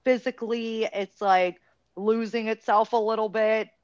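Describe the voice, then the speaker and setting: A woman in her thirties hosting a casual podcast chat, animated and swearing for emphasis. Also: fairly high pitch, a little slow, clean tone, no room sound, lo-fi sound. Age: 30s. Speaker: podcast host.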